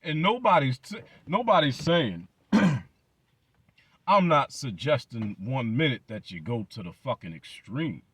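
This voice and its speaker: A man's voice: medium pitch, big pitch swings, takes it slowly, a bit bright, breathy edge, dry recording. A man hosting his channel, delivering a blunt, profane commentary rant full of emphatic repetition. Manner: blunt, emphatic, heavy swearing, repeated words. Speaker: channel host.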